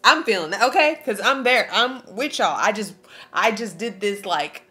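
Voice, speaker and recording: A woman's voice: mid-range voice, expressive, normal speed, bright, forceful tone. A woman giving a spiritual tarot reading to camera. She preaches in an emphatic, slangy way, reads aloud from a card book, and is tearful. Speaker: tarot reader.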